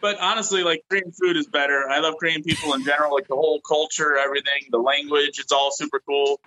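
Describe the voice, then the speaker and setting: A man's voice: on the high side, fairly even intonation, fast, pushed and bright, a little hiss or hum, poor audio. A man in his thirties on a video call, chatting casually and acting out quotes as he tells stories. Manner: rambling storyteller, acts out quotes. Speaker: guest.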